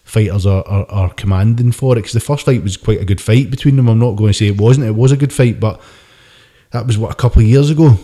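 Sweary man, dark voice. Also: fairly low pitch, fast. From United Kingdom. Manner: sweary, ranting, animated. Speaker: podcast co-host. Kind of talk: casual boxing chat.

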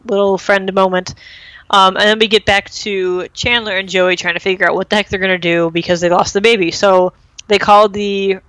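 A woman's voice: mid-range voice, a bit bright, dry recording, rough recording. A young woman hosting a podcast, casually retelling a TV episode with lots of fillers and acted-out quotes. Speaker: podcast host recapping a TV episode. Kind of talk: casual chat.

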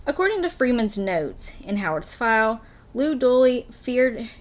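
A woman's voice: on the high side, sing-song, a little slow. A woman hosting a podcast, telling a true story in casual chat and laughing often. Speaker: podcast host reading a story.

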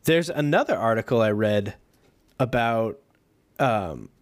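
A man in the middle of a laid-back podcast conversation, his voice sitting at an ordinary pitch. He wanders through his thoughts, hesitating, restarting and leaning on fillers as he goes. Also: sing-song, slow pace. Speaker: podcast co-host. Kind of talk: casual chat.

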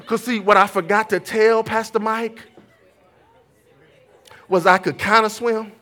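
A preacher man delivers an animated sermon, telling stories and calling for amens. His voice sits high and rings bright and forceful, and he speaks. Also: a little slow. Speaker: pastor.

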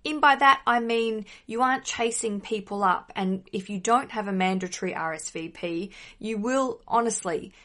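A woman's voice: medium pitch, moderate pace, hardly any pauses, a bit bright. A woman hosting a wedding advice podcast, chatty and emphatic, blunt with some mild swearing.

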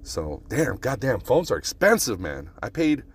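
A man hosting a casual solo podcast, thinking out loud in a rambling, profane way, recorded on a phone. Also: mid-range voice, big pitch swings, moderate pace, breathy edge. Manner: rambling, profane, brainstorming aloud. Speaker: podcast host.

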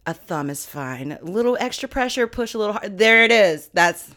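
A woman's voice: mid-range voice, animated, normal speed, pushed and bright. A woman co-hosting a podcast, talking frankly in casual chat, teasing and often laughing. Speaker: podcast co-host.

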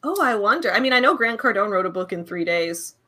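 A young woman co-hosting a casual podcast, chatty and quick to laugh, with lots of fillers. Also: mid-range voice, expressive, sharp tone. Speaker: co-host.

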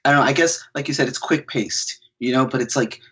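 A man's voice: medium pitch, a little fast, a bit bright, slight background noise. A man co-hosting a casual film podcast, eager and keen to retell favorite scenes. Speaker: podcast co-host. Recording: dull lo-fi mic.

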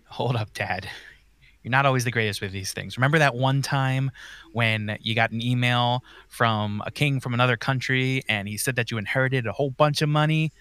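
A man's voice: mid-range voice, normal speed, fairly bright tone, clear, resonant tone, no room sound, natural voice. A man playing a cocky, teasing teenage son. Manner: bossy, teasing. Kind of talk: comedic horror audio skit.

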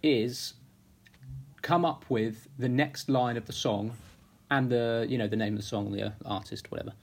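A man's voice: mid-range voice, fairly even intonation, normal speed. A male host running a casual interview, friendly and teasing, with lots of fillers. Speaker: podcast host.

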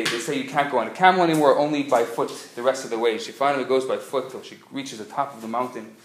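A man speaking as a rabbi, giving a live lecture and telling jokes with lively storytelling. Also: mid-range voice. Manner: animated joke-telling storyteller. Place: community center lecture hall. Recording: echoey hall, faint noise.

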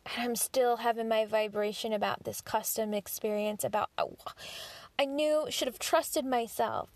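A woman with a fairly high voice talks straight into the microphone in a dry, close sound. She tells her story candidly and freely, with casual swearing, and voices her own thoughts as she goes. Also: fairly even intonation, normal speed, no echo. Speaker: podcast host. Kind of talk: personal storytelling monologue.

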